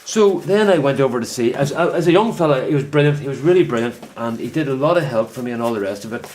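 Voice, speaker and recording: A man's voice: mid-range voice, lively intonation, fast talker, a little mellow, a little hiss or hum. Rambling Northern Irish man in a greenhouse. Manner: rambling storyteller, self-correcting. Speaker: vlogger. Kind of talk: casual chat.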